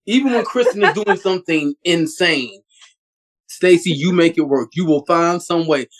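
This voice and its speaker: Gushing, chatty podcast co-host man. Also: fairly high pitch. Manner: gushing fan, quick and chatty, mimics characters' voices. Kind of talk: casual interview chat.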